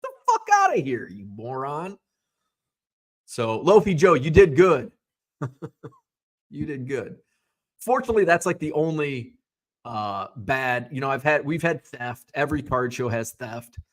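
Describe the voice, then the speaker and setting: A middle-aged man hosting a casual livestream, telling stories in a profane, animated way and answering viewers. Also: mid-range voice, a little slow. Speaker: livestream host.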